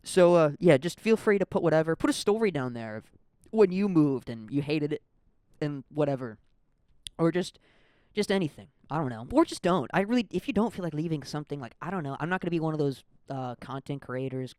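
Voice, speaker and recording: A man's voice: fairly high pitch, expressive, fairly quick, a little mellow, clear, resonant tone, no echo, clean studio sound. A young man from the American Midwest hosting a casual solo podcast, rambling and self-deprecating with lots of fillers. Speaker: podcast host.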